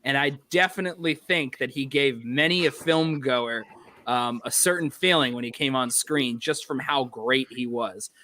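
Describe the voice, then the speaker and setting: A man's voice: mid-range voice, normal speed, pushed and bright, slight background noise. A man hosting a casual group podcast about a movie, talkative and leading the conversation with frequent restarts. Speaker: podcast host.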